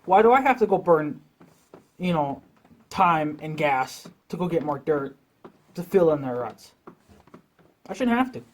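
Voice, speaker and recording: A man's voice: fairly high pitch, lively intonation, measured pace, long pauses. A man venting in a rambling, profane rant as a vlogger, talking casually to his viewers.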